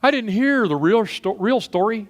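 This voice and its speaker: A middle-aged pastor from Texas preaching a sermon, swinging between loud punchy asides and quiet storytelling. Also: male voice, high-pitched, lively intonation, moderate pace.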